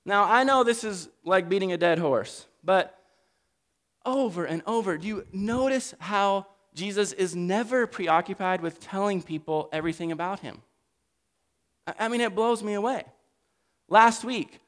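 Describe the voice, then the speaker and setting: Animated, joking male preacher. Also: sits high, moderate pace. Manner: animated, humorous, conversational. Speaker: pastor. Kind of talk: sermon.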